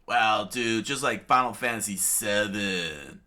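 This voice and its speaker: A man's voice: fairly low pitch, slow pace, pushed and bright. A man voicing a carefree young male pirate captain in a laid-back, dude-style manner. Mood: easygoing.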